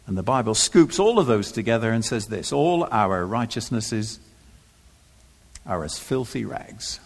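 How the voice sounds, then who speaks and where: A man's voice: on the low side, sing-song, a little slow, creaky. A man preaching a sermon in church, emphatic and rhetorical, repeating phrases for effect with touches of dry humor.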